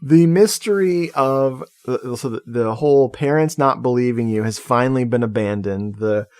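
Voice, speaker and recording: A man's voice: mid-range voice, normal speed, darkish tone, no room sound. A man co-hosting a podcast, recapping a horror film in casual chat and laughing at his own jokes. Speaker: podcast co-host.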